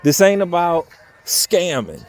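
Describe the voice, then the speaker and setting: A man's voice: sits high, huge pitch swings, slow, soft background music. A young man talking candidly in a personal vlog outdoors, earnest and pleading, his voice unsteady from crying. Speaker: vlogger. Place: outdoors by a railroad bridge.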